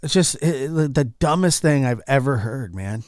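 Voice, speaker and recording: A man with a mid-range voice and lively intonation speaks at a normal speed, in studio quality with no echo. He hosts an online commentary channel, reacting to news clips in an exasperated, repetitive way and swinging between loud and soft.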